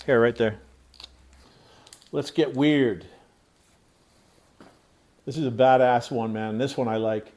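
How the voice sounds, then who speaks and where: A man's voice: mid-range voice, slow, long pauses, fairly bright tone. Loose, profane man unboxing on camera. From Pennsylvania. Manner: loose and profane, rambling asides; scolds his pet mid-talk. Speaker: tattoo channel host. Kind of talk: casual unboxing vlog.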